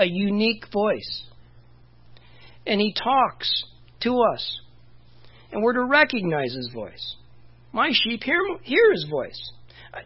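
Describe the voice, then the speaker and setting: A man's voice: a little high, slightly rough, dull audio. A man preaching a sermon in a conversational way, often saying "you know" and restarting his phrases. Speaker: pastor.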